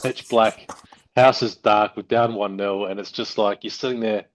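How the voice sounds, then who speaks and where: A man's voice: lowish voice, fairly even intonation, normal speed. A man hosting a podcast and chatting casually, with an easy laugh. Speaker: podcast host. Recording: dull lo-fi audio.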